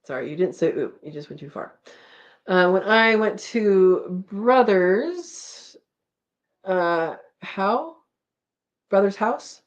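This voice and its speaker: A woman's voice: medium pitch, muffled recording. A woman hosting a homesteading live chat, casually reading viewer comments aloud and rambling with frequent laughs.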